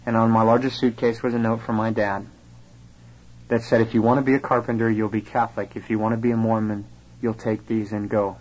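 Low-voiced young man telling a personal story. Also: level tone, fairly quick, darkish tone, low-quality recording. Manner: earnest storytelling, quoting others in dialogue. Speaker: speaker telling his conversion story. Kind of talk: personal testimony talk.

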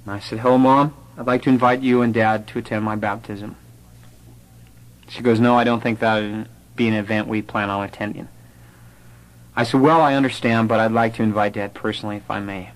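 A man's voice: lowish voice, fairly even intonation, brisk, rough recording. A young man giving an earnest personal testimony, telling his story through remembered conversations. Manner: earnest storytelling, quoting others in dialogue.

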